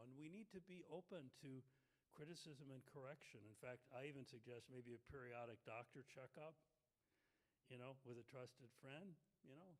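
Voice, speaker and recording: A man teaching a casual Bible study, talking in a thoughtful, explanatory way and often pausing on fillers. His voice carries a long reverb as if the room is large and hard. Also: mid-range voice.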